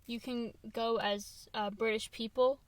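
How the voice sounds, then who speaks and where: Young female co-host, casual and playful, somewhat high-pitched, easygoing chat. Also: steady tone, a little slow, no room sound. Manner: playful, chatty, lots of fillers. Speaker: podcast co-host.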